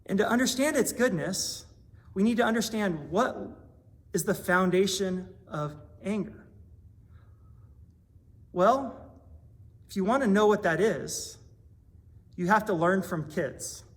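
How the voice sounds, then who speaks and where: A man's voice: sits high, animated, takes it slowly, long pauses. A man preaching a sermon in a small church, earnest and conversational, building to stronger emphasis. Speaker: pastor.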